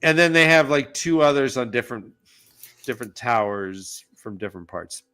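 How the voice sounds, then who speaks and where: A man co-hosting a casual book discussion, recapping the plot with jokey, animated asides. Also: medium pitch, normal speed, smooth. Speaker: podcast co-host.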